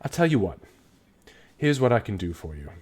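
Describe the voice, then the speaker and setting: A man's voice: on the low side, very animated, a little mellow, breathy edge. A man doing a shrewd haggling dwarf. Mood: bargaining. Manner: businesslike, measured, haggling. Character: shrewd cigar-chewing dwarf ore master.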